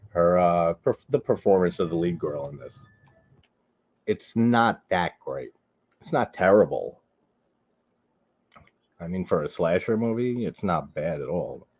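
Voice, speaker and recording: A man's voice: deep voice, darkish tone, husky, muffled recording. A man from Long Island, hosting a live horror movie stream and chatting casually with viewers. He rambles, drops "like" constantly and swears freely. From Long Island, New York.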